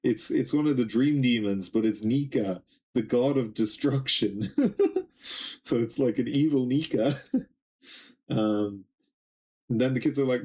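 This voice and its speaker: A young man reads through a comic chapter aloud in a loose, rambling way. He stops often with ums and uhs as he works out who is speaking. His voice sits at an average pitch for a man. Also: animated, a little slow, long pauses, mellow, breathy edge. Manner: rambling, hesitant, with many ums and little laughs. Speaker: manga reaction streamer. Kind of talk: casual reading and recap of a comic.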